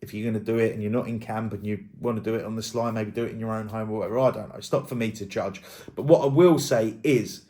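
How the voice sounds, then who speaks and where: A man's voice: on the low side, steady tone, quick pace, dark tone. A man giving casual, rambling commentary as a YouTube drama host, thinking aloud and hedging as he goes.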